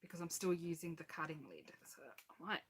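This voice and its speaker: Woman doing a live craft stream, kinda low voice, talks thru every step, little bit of hiss behind. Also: animated, fairly quick. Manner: chatty, narrates each step, laughs at own mishaps. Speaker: crafting channel host. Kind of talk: casual live-stream chat while crafting.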